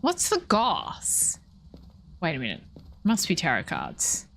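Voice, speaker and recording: A woman's voice: lowish voice, wildly swooping pitch, slow pace, creaky, fairly bright tone, a little hiss or hum. A playful, chatty woman in her thirties with an Australian accent, talking casually with viewers while streaming a game. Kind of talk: casual gameplay commentary.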